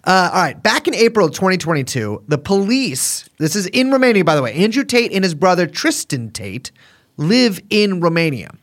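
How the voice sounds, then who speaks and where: Joking man with lively pitch. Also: normal speed. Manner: joking, rambling, with restarts and profanity. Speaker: podcast co-host. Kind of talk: casual chat.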